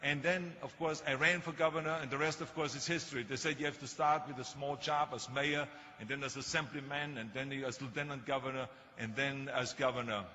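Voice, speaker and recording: A man's voice: medium pitch, steady tone, a little fast, few pauses, sharp tone. An older man with a German accent giving a motivational speech, telling stories in an emphatic, self-mocking way. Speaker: motivational speaker. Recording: long hall reverb, faint ambience.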